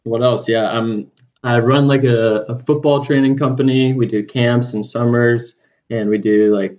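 A man's voice: fairly low pitch, darkish tone. Twenty-something Southern California guy, laid-back guest, slightly dull audio. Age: 20s. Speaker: podcast guest. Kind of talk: casual interview.

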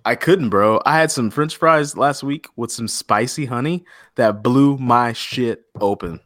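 A man co-hosts a podcast in casual chat, joking, swearing, and reading news quotes aloud as he riffs on the headlines. His voice is medium-pitched, a little slow, and a bit bright, captured in a dry, clean studio recording.

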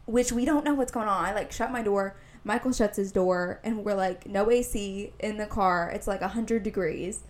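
Co-hosting a podcast, a young Indianapolis woman chats casually through a long story, saying "like" constantly as she rambles. She speaks at normal speed with a medium pitch and barely pauses.

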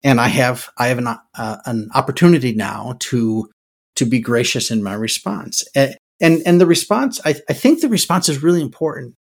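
A man's voice: mid-range voice, animated, moderate pace, husky. An older man hosting a podcast, talking through his thoughts in a reflective, musing way and often restarting his words. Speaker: podcast host. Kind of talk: casual podcast monologue.

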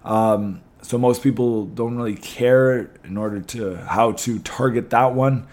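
A young man, slightly hoarse, hosting a podcast in a chatty way with many ums and restarts. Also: medium pitch, fairly even intonation, a little slow, darkish tone. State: losing his voice a little. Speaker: podcast host. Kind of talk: casual podcast talk.

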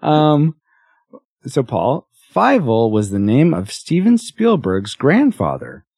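A man hosts a casual podcast, chatting and laughing often. His pitch swings widely, and the sound is dry and close. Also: wildly swooping pitch, takes it slowly, creaky, a little mellow, husky, dry recording. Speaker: podcast host.

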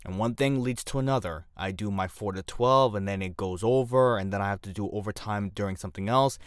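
A man's voice: on the low side, a little fast, clear, resonant tone, dry recording, studio quality. A man hosting a podcast in casual, blunt chat, sounding groggy and short on sleep, often repeating phrases for emphasis. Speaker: podcast host.

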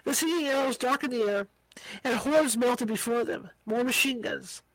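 A woman's voice: on the high side, normal speed, no echo, poor audio. Woman reading aloud, stumbling over words. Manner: stumbles over words and adds casual asides. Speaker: audiobook reader.

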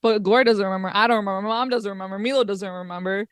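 A woman's voice: medium pitch, steady tone, very fast, dry recording, studio quality. A young woman, a podcast guest, chatting casually with laughter and swearing as she tells stories about home. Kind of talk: casual chat.

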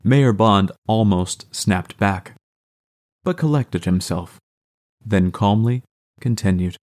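A man narrating an audiobook in a steady, even storytelling manner. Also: sits low, unhurried.

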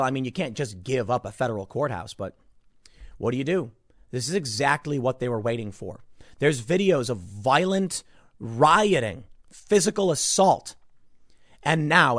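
A man giving opinionated news commentary, animated and sarcastic, sometimes mocking others in put-on voices. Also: mid-range voice, dry recording, clean studio sound. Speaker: political commentator.

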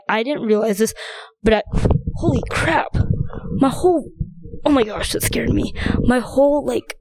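A woman's voice: mid-range voice, darkish tone, no echo. A young woman hosting her own podcast, rambling in a casual, chatty way with plenty of fillers. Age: young adult. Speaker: podcast host. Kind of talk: casual solo chat.

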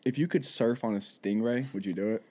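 A man hosting a comedy podcast, joking around and laughing a lot, often dropping low and quiet. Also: brisk. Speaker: podcast host. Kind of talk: casual comedy chat.

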